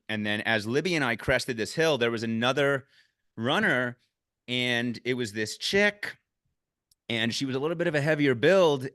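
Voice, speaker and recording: Male podcast host, mid-pitched, animated storyteller with sudden excited jumps, dry recording. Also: no echo. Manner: excitable, swears, bursts up in pitch when excited. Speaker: podcast host recapping a race. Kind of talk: casual chat.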